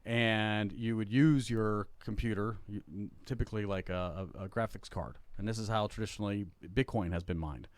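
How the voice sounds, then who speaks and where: A man's voice: fairly low pitch, moderate pace, hardly any pauses, dry recording. A middle-aged man co-hosting a casual podcast chat, rambling with lots of fillers and restarts. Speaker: podcast co-host.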